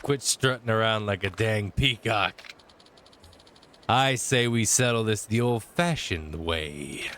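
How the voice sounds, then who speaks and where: A man's voice: lowish voice, slow pace, a bit bright. A man voicing a cocky street thug who picks a fight, in a put-on tough-guy accent. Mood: taunting.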